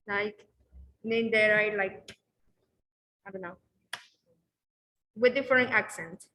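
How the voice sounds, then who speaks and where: A woman teaching an English class who explains slowly and keeps repeating okay and very good. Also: fairly high pitch, steady tone, a bit bright, poor audio.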